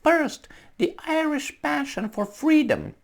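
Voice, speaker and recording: A man putting on a high falsetto to mock a woman politician giving a solemn, overblown speech. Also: wildly swooping pitch, slow, creaky, full character voice.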